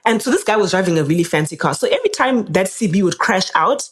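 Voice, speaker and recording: A young woman, a podcast guest telling a personal story in a casual, animated way, her voice jumping up whenever she quotes someone. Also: fast talker. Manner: animated, jumps up in pitch when quoting people.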